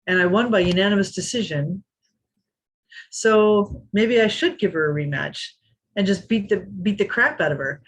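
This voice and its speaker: Brief: husky woman in her fifties, lively storyteller acting out the quotes. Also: mid-range voice, moderate pace, low-quality recording. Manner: animated, acts out quotes. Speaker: interview guest, former kickboxing champion. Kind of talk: storytelling in a podcast interview.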